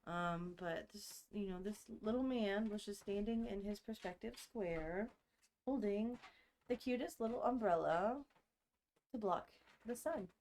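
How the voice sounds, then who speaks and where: A woman's voice: mid-range voice, unhurried, a little mellow, slight background noise. A woman co-hosting a podcast, chatting casually about a movie with blunt, emotional reactions. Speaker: podcast co-host.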